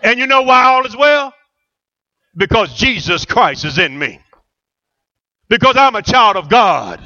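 A man's voice: high voice, sing-song, measured pace, sharp tone, highs cut off. A middle-aged man preaching a rousing sermon as pastor, asking the church questions and answering them.

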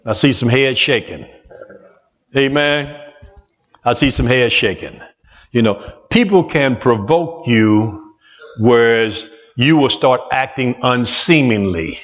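A man's voice: mid-range voice, animated, slow, a bit bright. A man preaching a sermon in a church, folksy and repetitive, talking straight to the congregation. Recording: muffled echoey church hall recording.

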